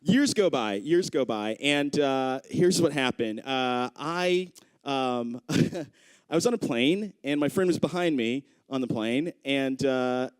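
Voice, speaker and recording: A man's voice: medium pitch, slow, clean tone, dry recording. A young adult man doing stand-up, telling a story and acting out the people in it. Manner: animated, acts out voices of people in his story. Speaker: stand-up comedian. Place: comedy club stage.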